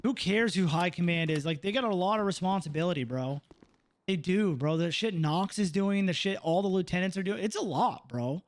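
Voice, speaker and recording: A man's voice: high-pitched, fairly quick, dry recording. A young man streaming a roleplay game, venting out of character with heavy swearing, ending lines with "bro" and "dude".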